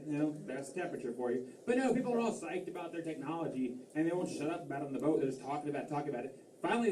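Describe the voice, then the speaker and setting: Male stand-up comic, rambling and self-mocking, mellow voice, heard from a distance in an echoey club. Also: medium pitch, slight background noise. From Massachusetts. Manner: rambling, self-deprecating, lots of fillers and restarts. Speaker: stand-up comedian. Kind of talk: stand-up comedy set. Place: comedy club stage. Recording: roomy club sound from a distance, faint crowd ambience.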